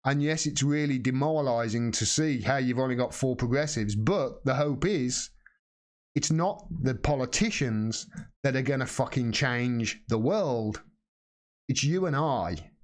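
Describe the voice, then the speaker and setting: A man's voice: mid-range voice, lively intonation, measured pace. A man hosting a live stream, answering viewer questions in blunt, impassioned casual talk and swearing freely.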